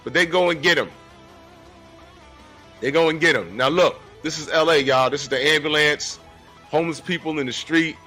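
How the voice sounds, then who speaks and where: A man in his forties giving animated, casual commentary on a comic book, talking straight to his viewers. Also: fairly high pitch, normal speed, long pauses, soft background music. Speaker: comic book reviewer and artist.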